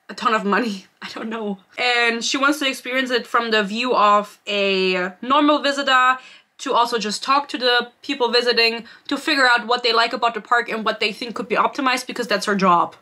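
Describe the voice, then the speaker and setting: A woman's voice: on the high side, pushed and bright. A woman giving a casual, sarcastic book review rant, swearing freely and laughing often.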